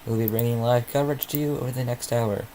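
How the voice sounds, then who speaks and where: A man's voice: mid-range voice, fairly even intonation, fast talker, warm tone, a little hiss or hum, rough recording. Rambling man hosting a sleepy live stream. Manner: rambling, distracted, muttering to himself. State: sleepy, yawning. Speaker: livestream host. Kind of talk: casual live commentary.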